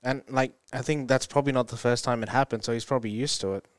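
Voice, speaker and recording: Smooth-voiced man in casual chat. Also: mid-range voice, fast, no echo, clean studio sound. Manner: relaxed, questioning, adds details. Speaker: podcast co-host.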